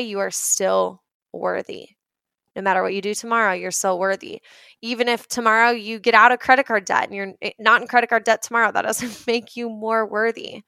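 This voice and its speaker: Earnest young woman host, mid-pitched, casual and chatty, dry close-mic sound. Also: creaky, bright, forceful tone, clean tone, no echo. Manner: chatty, earnest, frequent "like" fillers. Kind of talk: casual motivational talk.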